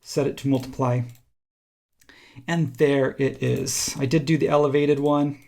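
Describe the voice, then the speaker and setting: A man teaching a software design tutorial, thinking aloud casually as he works on screen. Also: mid-range voice, measured pace, vocal fry. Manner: relaxed, thinking aloud while working. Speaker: instructor.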